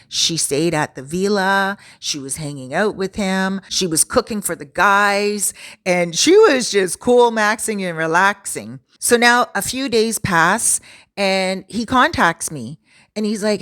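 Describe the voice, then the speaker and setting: A woman's voice: medium pitch, measured pace, a bit bright, dry recording, clean studio sound. A woman who works as a relocation consultant, telling a casual, chatty storytime in a laid-back way.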